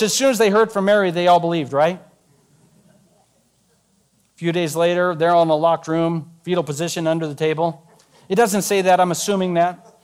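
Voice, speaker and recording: A man preaching a sermon as a pastor, conversational and joking as he retells scripture in everyday words. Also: sits high.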